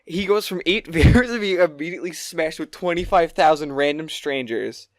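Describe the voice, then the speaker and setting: A man co-hosting a podcast, telling a long story in casual chat, rambling and excitable, with plenty of swearing. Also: on the high side, normal speed, dry recording. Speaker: podcast co-host.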